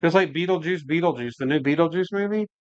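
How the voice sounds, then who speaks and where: Quick-paced and smooth, a man with a voice on the high side hosts a home brewing stream, rambling casually and saying "like" and "man" often as he works and responds to the chat. The sound is dry and dull.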